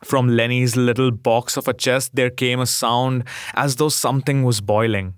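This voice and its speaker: A man reading a short story aloud in a measured, gentle way. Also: mid-range voice, fairly even intonation, clean tone, no echo, clean studio sound. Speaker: narrator.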